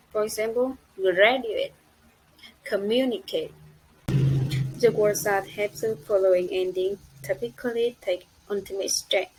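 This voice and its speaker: Slow, careful woman presenting to a class. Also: medium pitch, a little mellow, slight background noise, low-quality recording. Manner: slow careful reading, spells out letters. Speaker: student presenter.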